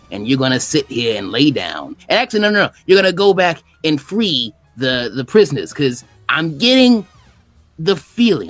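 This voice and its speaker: Man doing rambling, tired Pokémon creature, lively swooping pitch, dry sound. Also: dry recording. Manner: rambling, pleading, self-correcting. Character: weary, stressed male Plusle wanting peace.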